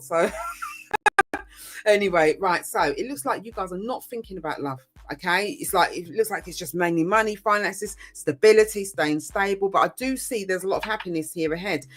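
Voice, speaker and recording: A woman's voice: fairly low pitch, normal speed, fairly bright tone. Chatty woman reading tarot. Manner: chatty, rambling, frequent ums, mild swearing. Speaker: tarot reader. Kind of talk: casual collective tarot reading.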